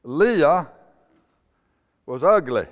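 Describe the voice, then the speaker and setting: A man preaching a sermon, stressing each name with a rise and then dropping to a low, slow finish. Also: expressive. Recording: long hall reverb.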